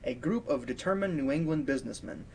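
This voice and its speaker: A man on a radio reading service, reading a history article aloud in a steady, careful way. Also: fairly high pitch, fast, slight background noise, rough recording.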